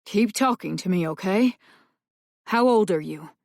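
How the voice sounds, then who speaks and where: A woman's voice: medium pitch, expressive, a little slow, gravelly, a little mellow, dry recording, clean studio sound. A woman voicing a male paramedic who steadily reassures an injured boy in an audiobook. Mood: reassuring. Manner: firm, reassuring, coaxing.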